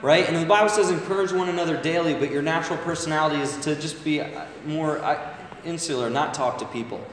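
Preacher, male, slightly high voice, chatty sermon full of "right?", long echo. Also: fast, a bit bright, slight background noise. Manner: conversational, asks the crowd "right?" often. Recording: echoey hall, voice from far off. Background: congregation calling back.

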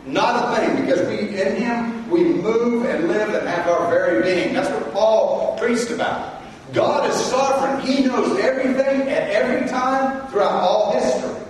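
A male pastor preaching a sermon, swinging between loud emphasis and quiet intensity. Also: high-pitched, moderate pace, slight background noise. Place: large church hall. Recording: echoey hall from far off.

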